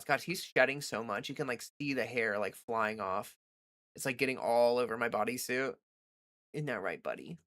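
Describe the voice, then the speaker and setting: A woman's voice: extremely low pitch, lively intonation, normal speed, fairly bright tone. A woman hosting a casual livestream from home, chatting loosely with many "like" fillers and answering viewers' chat. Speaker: livestream host.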